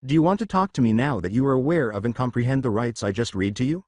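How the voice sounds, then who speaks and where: A man voicing a calm young American hero officer who talks with dry understatement. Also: mid-range voice, quick pace, dry recording, lightly acted. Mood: firm.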